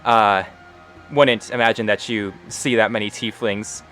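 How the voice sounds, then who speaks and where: A man's voice: fairly low pitch, steady tone, unhurried, bright, forceful tone, faint music behind, voice pushed down. A man playing a sly tiefling woman. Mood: coaxing.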